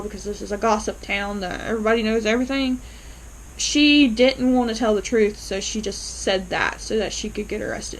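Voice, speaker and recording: A woman talks through a TV episode in a relaxed, chatty way, slipping into the characters' lines as she goes. Her voice sits a bit high. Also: slight background noise, rough recording. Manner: animated, acts out characters' lines in quotes. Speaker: TV episode reviewer. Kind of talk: casual recap and reaction.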